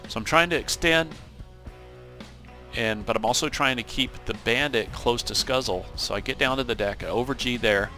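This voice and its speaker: A man giving casual, animated commentary over his own flight-sim gameplay, acting out what he and his wingman said. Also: medium pitch, normal speed, soft background music. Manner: animated storytelling, acts out radio calls. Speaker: gaming channel host.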